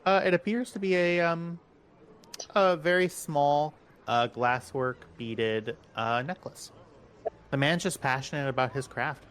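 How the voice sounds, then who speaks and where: A man narrating as game master of a tabletop game, unhurried, with many ums and casual asides. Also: fairly high pitch, fairly bright tone, a little hiss or hum.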